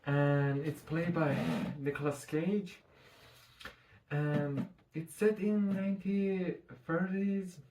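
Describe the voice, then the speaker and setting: A man's voice: a little high, steady tone, takes it slowly, darkish tone, soft background music. A man reviewing a show in a casual vlog, talking through a mask, rambling and swearing freely.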